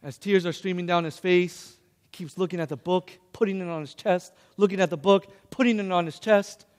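A young man preaching a sermon, animated and calling on his listeners to answer back. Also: high voice, a little fast, clear, resonant tone. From Hispanic background. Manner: animated, calls on the audience to respond. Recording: long hall reverb.

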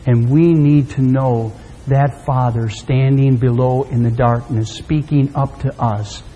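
A man preaching a sermon, telling a story dramatically and swinging from loud to hushed. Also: medium pitch, steady tone, measured pace, a little hiss or hum. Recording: long hall reverb.

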